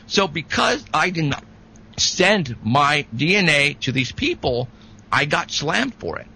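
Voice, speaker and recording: A man guest telling a story in a rambling, animated way, with many restarts. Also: on the high side, a little slow, creaky, breathy edge, poor audio. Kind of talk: casual storytelling.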